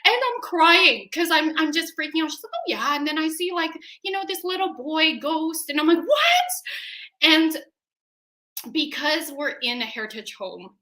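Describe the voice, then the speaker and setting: A woman in her forties telling a personal story in a casual, animated way, acting out her own scared reactions. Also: high voice, moderate pace, few pauses, echoey room. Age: 40s. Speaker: webinar guest.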